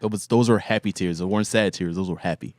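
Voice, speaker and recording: A man as a podcast guest in casual chat, relaxed and emphatic, laughing along. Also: low voice, fast, no echo, clean studio sound.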